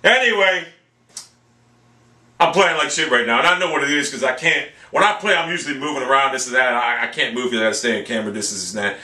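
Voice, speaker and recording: A fast-talking gameplay commentator curses and taunts as he reacts angrily to his own live play, swinging from low mutters to loud shouted outbursts. He's recorded on a room mic with a webcam on him, and the mic sits far off in an echoey room.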